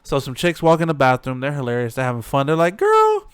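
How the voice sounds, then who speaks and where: A man's voice: medium pitch, fairly even intonation, fast, clean tone, dry recording. A man giving a loose, slangy recap and reaction to a show, with lots of fillers. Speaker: reaction video host.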